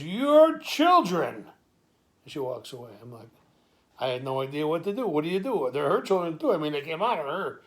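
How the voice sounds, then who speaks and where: A man telling an improvised comic story in a streetwise, wisecracking way, sometimes stammering through asides. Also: on the high side. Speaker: comic monologuist.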